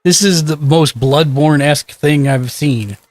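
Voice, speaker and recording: A man's voice: a little high, unhurried, no room sound. A man hosting a casual card game stream, giving patient step-by-step instructions with fillers. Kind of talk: casual chat.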